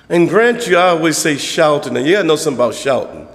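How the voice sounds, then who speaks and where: Gravelly preacher in an echoing hall. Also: male voice, on the high side, expressive. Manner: conversational preaching, acting out church members in quick voices. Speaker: pastor. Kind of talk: sermon.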